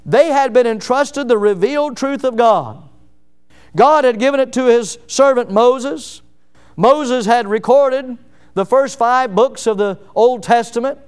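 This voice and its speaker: A man's voice: extremely high pitch, smooth. A man preaching a sermon in an emphatic manner, driving his points home with frequent rhetorical questions.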